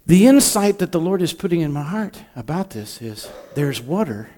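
A man preaching a sermon as pastor, impassioned, moving between hushed and loud delivery. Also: a little high, very animated, normal speed.

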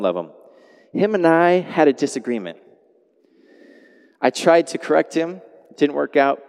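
A man preaching a sermon as a pastor, animated, moving between quiet lines and loud exclamations. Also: medium pitch. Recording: long hall reverb.

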